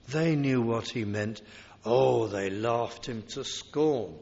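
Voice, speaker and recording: A man preaching a sermon in a deliberate, emphatic way, now and then acting out the voices of people in the story. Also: mid-range voice, expressive, a little mellow. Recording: dull recording in a large reverberant hall.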